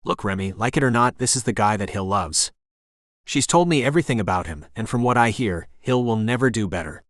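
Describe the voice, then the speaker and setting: A man's voice: on the low side, lively intonation, a little fast, a bit bright, dry recording, studio quality. A man voicing a blunt young woman who keeps the peace in a bossy, exasperated, no-nonsense way, read from an audiobook.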